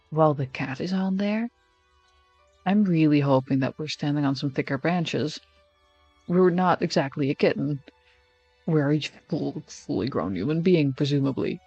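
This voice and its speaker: A man's voice: a little high, a little slow, long pauses, darkish tone, husky, no echo, muffled recording, soft background music. A man streaming, reading a text game aloud in first person with casual, wry asides. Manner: casual, wry asides between narrated lines.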